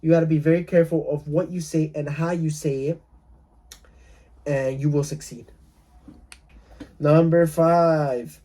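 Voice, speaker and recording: A man's voice: fairly even intonation, unhurried, pauses often, dark tone. A man coaching real estate wholesalers in a casual talk, acting out calls with sellers and often repeating himself. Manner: role-plays calls with sellers, laughing at his own lowball offers; repetitive, restarts often.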